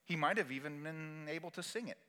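A man preaching a sermon as pastor, swinging between loud exhortation and quiet, intimate asides. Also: on the high side, a little fast, in a large hall.

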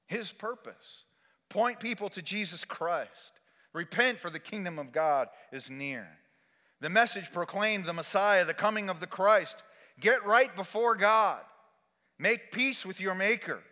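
A man preaching a sermon as pastor, swinging between loud exhortation and quiet, intimate asides. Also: high voice, expressive, a little slow, long reverb tail.

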